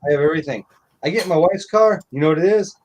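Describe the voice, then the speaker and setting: A man's voice: fairly high pitch, rapid-fire. A middle-aged man telling stories in casual live-stream chat, blunt and profane.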